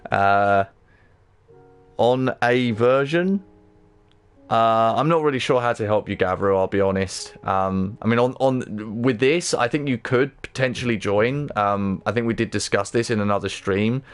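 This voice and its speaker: A British man chatting casually on a gaming livestream, excitable, swearing a lot and often stammering or restarting his sentences. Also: lowish voice, clear, resonant tone. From Britain.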